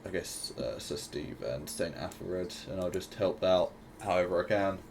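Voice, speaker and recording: Really deep-voiced guy, slow and hesitant, faint hiss behind. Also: vocal fry. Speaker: player. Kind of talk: tabletop role-play.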